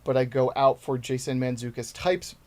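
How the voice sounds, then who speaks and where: A man's voice: medium pitch, moderate pace, darkish tone. A man in his thirties, a stand-up comedian guest telling his story in a rambling, self-deprecating way in casual podcast chat.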